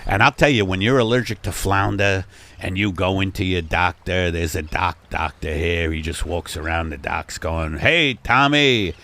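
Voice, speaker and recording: A man improvising a rambling comic monologue in a gruff, sardonic voice. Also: sits low, fairly even intonation, normal speed, a bit bright. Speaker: comedian host.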